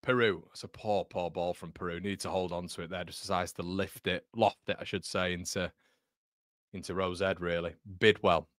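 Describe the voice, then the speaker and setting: A man hosting a live football watchalong, commentating excitably and bantering with his chat. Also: sits low, moderate pace, dry recording, clean studio sound.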